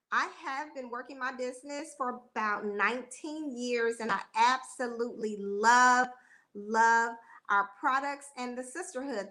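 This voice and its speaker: A woman's voice: fairly high pitch, pushed and bright. A woman beauty consultant giving a friendly product demonstration over a video call.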